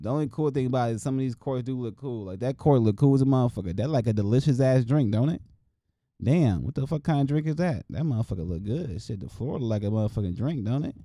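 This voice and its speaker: A man's voice: mid-range voice, warm tone, no room sound, studio quality. A young man hosting a sports podcast, talking casually and loosely, joking and swearing a lot as he runs through games. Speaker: podcast host.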